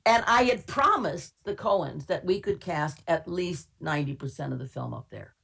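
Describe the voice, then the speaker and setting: An older woman from Minnesota, a casting director, tells her stories in a rather low voice. She talks in a chatty, candid way, with wry humor and plenty of fillers, over a video call. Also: animated, normal speed, gravelly, a bit bright, slight background noise. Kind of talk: webinar interview, anecdotal storytelling.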